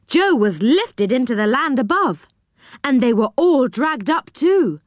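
A woman reading a children's story aloud in an expressive, animated way. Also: on the high side, dry recording, clean studio sound.

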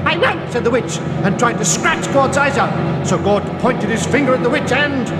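Animated man reading a children's story. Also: high-pitched, husky. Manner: animated, playful. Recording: reverberant, with loud music.

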